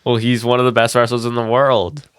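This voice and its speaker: A man's voice: medium pitch, little pitch movement, brisk, a bit bright, smooth, dry recording, studio quality. A congested man co-hosting a casual wrestling podcast, rambling through match play-by-play with lots of "like" and "um". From Canada. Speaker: podcast co-host. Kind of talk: casual wrestling recap chat. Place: home basement.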